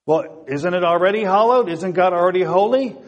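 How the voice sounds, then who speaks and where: A man's voice: high voice, brisk, big-room sound, muffled recording. A man preaching a sermon who often asks rhetorical questions and repeats his phrases.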